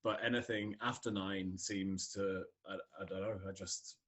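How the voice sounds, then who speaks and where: Scottish-born guy who sounds neutral english, lowish voice, chatty, laughs a lot, lots of ums. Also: fairly even intonation, normal speed, a bit bright. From Scotland. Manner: chatty, laughs often, many fillers. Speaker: podcast guest. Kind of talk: casual conversation.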